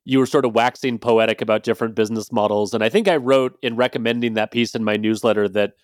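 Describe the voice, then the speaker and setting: A man's voice: on the low side, fairly even intonation, quick pace, no room sound, clean studio sound. A man hosting a podcast in a casual, chatty way, with loose phrasing and hedging fillers. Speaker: podcast host.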